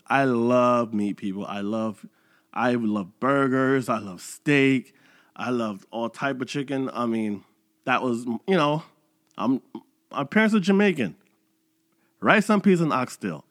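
In clean, roomless studio sound, a thirty-something podcast host gives a motivational monologue, taking it slowly in a mid-range voice. He's animated and chatty, dramatizing the voice in his own head.

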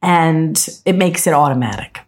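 A middle-aged woman with a New Jersey accent, co-hosting a casual podcast chat and telling blunt, animated stories about her kids. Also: sits low, moderate pace. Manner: blunt, animated storyteller who acts out quotes. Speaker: podcast co-host.

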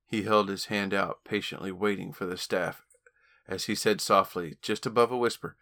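A man, an author and podcast host, reading his own novel aloud with steady storytelling. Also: on the low side, normal speed. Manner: steady storytelling with occasional stumbles.

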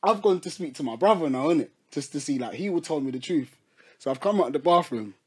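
A man's voice: fairly high pitch, quick pace, husky. A young man, telling a funny story in casual chat and laughing a lot as he goes. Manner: animated, laughing storytelling in slang.

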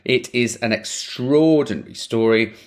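Man, podcast co-host, lively casual chat, laughs easily. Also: medium pitch, a little slow. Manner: animated, laughs often, acts out quotes.

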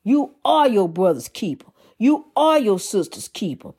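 A woman's voice: medium pitch, sing-song, unhurried, warm tone, husky. A woman preaching an informal sermon in rhythmic, repeated refrains, folksy and calling her listeners honey.

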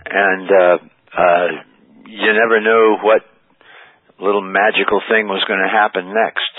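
Low husky older man on a phone line. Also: little pitch movement, a little slow, dry recording. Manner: rambling anecdotes with many fillers. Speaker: interview guest, rock musician. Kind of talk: storytelling interview.

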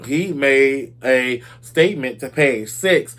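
A man hosts a casual gossip segment, chatting to his listeners as if they were close friends. His voice sits at an ordinary middle pitch, and he talks loosely and informally, sprinkling in "y'all" and "baby" as he goes. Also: slow pace, a bit bright. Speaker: celebrity gossip host.

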